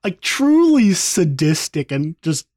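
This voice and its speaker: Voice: mid-range voice, big pitch swings, slow pace, a little mellow, no room sound. A podcast host steering a film discussion, speaking casually and laughing mid-sentence.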